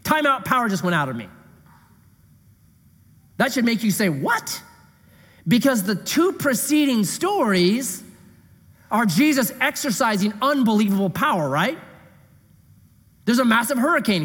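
A man preaching a sermon, reading scripture and explaining it, lively and then dropping to a hushed voice for emphasis. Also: very high voice, normal speed, pauses often. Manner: animated, drops to a hushed voice for emphasis. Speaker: pastor. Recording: echoey hall.

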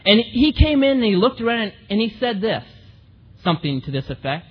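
A man preaching a sermon, telling humorous stories in an animated way. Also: sits high, brisk, husky, dull audio. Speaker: pastor. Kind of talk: sermon storytelling.

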